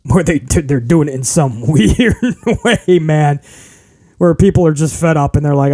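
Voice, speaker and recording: A man's voice: a little high, unhurried, warm tone. A man hosting a casual wrestling review podcast, ranting in an exasperated way with stammered restarts. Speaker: podcast host.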